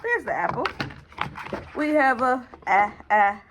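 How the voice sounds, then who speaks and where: A woman's voice: a little high, animated, slow pace, noisy background. A woman teaching letters to her young child, patient and sing-song, sounding out each letter. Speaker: special education teacher and mother.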